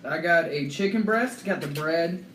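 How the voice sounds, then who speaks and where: A man co-hosting a casual podcast, excitable and swearing freely while eating hot chicken. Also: fairly high pitch, normal speed, a little hiss or hum. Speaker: podcast co-host. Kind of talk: casual chat. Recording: echoey room, mic at a distance.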